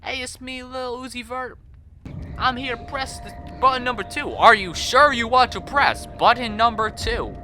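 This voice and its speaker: A man putting on a high-pitched mock impression of a laid-back young male rapper. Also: unhurried, sharp tone, a little hiss or hum, exaggerated voice.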